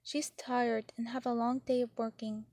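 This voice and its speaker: A strict yet caring middle-aged mother, voiced by a woman reading aloud, speaking in a firm, pointed way. The voice is dark and gravelly, with a flat, even tone and a dry, close sound. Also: a little high, normal speed, no room sound, close to an everyday voice. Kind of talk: storybook reading.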